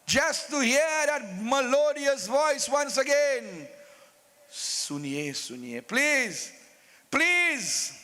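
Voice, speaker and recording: A man's voice: very high voice, expressive, pushed and bright, big-room sound, exaggerated voice. A man voicing a lovesick old king begging. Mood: pleading. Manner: pleading, drawn-out endearments.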